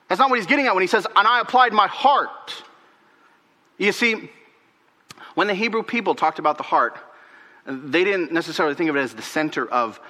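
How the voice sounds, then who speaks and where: A male pastor preaching a sermon, animated, repeating words and swinging from emphatic highs to hushed, near-whispered lows. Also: long reverb tail.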